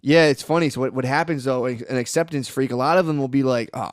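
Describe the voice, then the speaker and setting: A man's voice: medium pitch, fairly even intonation, brisk, few pauses, dry recording, studio quality. A man hosting a comedy podcast, rambling through profane, self-mocking riffs with acted-out quotes. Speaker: podcast host. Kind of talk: casual comedy chat.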